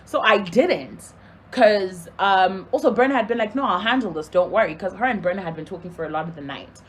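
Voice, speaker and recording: A young woman from Zimbabwe telling a casual storytime to her camera, animated, acting out the people in her story. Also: medium pitch, fairly quick. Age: young adult.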